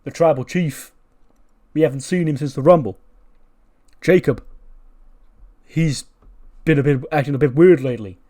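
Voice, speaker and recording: A man's voice: a little high, normal speed, pauses often, voice pushed up, lightly acted. A man doing a hyped tag team promo. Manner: boastful, building excitement. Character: hyped male wrestling tag team duo cutting a promo.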